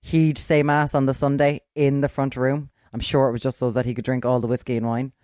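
Animated Irish storyteller with a dry close sound. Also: brisk, no room sound. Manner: animated, acts out quoted voices with big swings in pitch and loudness. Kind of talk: casual chat, storytelling.

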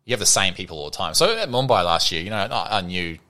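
A man's voice: low-pitched, very animated, fast talker, sharp tone. A man in his thirties with a New Zealand accent, a cricketer chatting as an interview guest, rambling with lots of fillers. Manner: rambling, heavy on fillers like "you know" and "sort of", mimics people in anecdotes. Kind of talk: casual interview chat.

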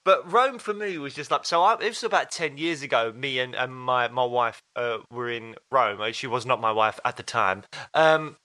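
A man in his thirties co-hosting a podcast, telling stories in a lively way and laughing often. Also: mid-range voice, normal speed, hardly any pauses. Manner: animated storyteller, laughs often. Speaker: podcast co-host. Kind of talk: casual chat.

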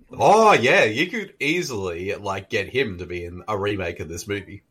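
Brief: laughing male podcast co-host, bright lively voice, quick jokes. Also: fairly low pitch, husky. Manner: jokey, laughs often. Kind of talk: casual movie riffing chat.

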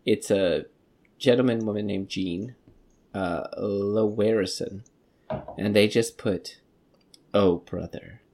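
A man's voice: lowish voice, slow pace, pauses often, darkish tone. A man hosting a podcast, ranting profanely in casual movie review chat. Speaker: podcast host.

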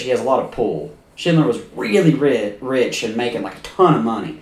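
Animated swearing podcast man, roomy sound. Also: mid-range voice, a little fast, few pauses. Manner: animated storyteller, acts out quotes, swears often. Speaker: podcast co-host. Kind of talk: casual chat. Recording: roomy echo.

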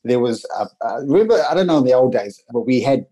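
Energetic New Zealand man, husky dark voice. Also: mid-range voice, fast talker, highs cut off. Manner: energetic, eager, tumbling restarts. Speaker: guest, presenting coach. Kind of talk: casual interview chat. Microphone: video call.

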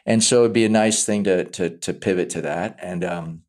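A man's voice: low-pitched, moderate pace, darkish tone. A man, an actor, talking casually in an interview, often repeating words as he restarts and acting out quoted lines. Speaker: actor guest.

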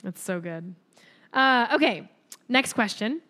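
A woman's voice: a little high, animated, takes it slowly, bright, forceful tone. A woman hosting a podcast in casual chat, enthusiastic and affirming. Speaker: podcast host.

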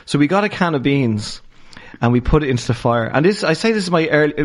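A man with a Dublin Irish accent, a stand-up comedian and podcast guest, telling stories in an animated way and laughing as he goes. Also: on the high side, fast. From Dublin, Ireland. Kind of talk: casual storytelling in a podcast interview.

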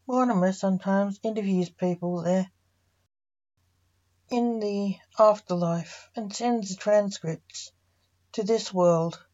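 A woman voicing a chicken who speaks calmly as a courtroom lawyer, in a plain, matter-of-fact reading. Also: medium pitch, takes it slowly, highs cut off, natural voice.

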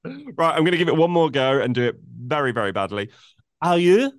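A man's voice: mid-range voice, lively intonation, fast talker, dry recording, clean studio sound. Playful man hosting a podcast. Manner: playful, self-mocking, hesitant restarts. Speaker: podcast host. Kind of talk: casual podcast interview.

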